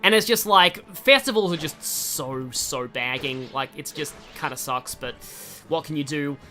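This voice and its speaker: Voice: mid-range voice, measured pace, bright, forceful tone, soft background music. A young adult streamer giving casual, rambling gameplay commentary, often breaking off mid-sentence. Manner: rambling, chatty, self-interrupting. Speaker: gaming streamer.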